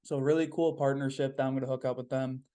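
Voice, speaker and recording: A man's voice: mid-range voice, little pitch movement, fast talker, warm tone. A young man hosting a podcast, talking in a casual, upbeat, rambling way with plenty of "um"s and repeated phrases. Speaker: podcast host. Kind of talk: casual solo podcast monologue.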